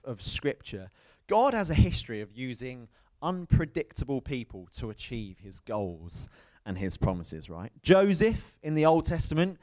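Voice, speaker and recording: A man preaching a sermon in a church, telling stories in a lively way and often checking with the congregation. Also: a little high. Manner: lively storytelling, asks the crowd "right?". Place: church hall.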